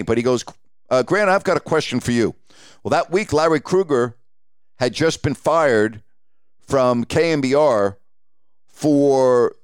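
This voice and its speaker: A middle-aged podcast host casually recounts stories from his sportscasting days, animatedly acting out the quoted dialogue. His mid-range voice is clear and resonant, captured dry at studio quality.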